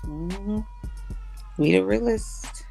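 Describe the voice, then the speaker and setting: A woman's voice: medium pitch, extremely slow, vocal fry, warm tone, soft background music. A woman from Houston, making sassy, playful remarks in a casual live-stream chat. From Houston, Texas.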